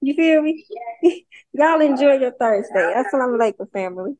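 A woman's voice: high voice, lively intonation, moderate pace, darkish tone, no room sound, rough recording. A woman calling in to a group call, speaking in an impassioned, emphatic way with rhetorical questions. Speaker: caller, mother of a ten-year-old.

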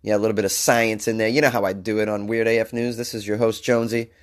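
A man's voice: lowish voice, little pitch movement, fast talker. A man hosting a comedic news podcast, under the weather, reading stories and ranting in exasperation. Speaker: podcast host.

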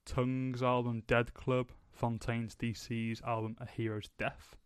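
A man's voice: mid-range voice, little pitch movement, unhurried, clear, resonant tone, dry recording, studio quality. A young man hosting a podcast, chatting casually and rambling with lots of fillers. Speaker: podcast host. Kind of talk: casual chat.

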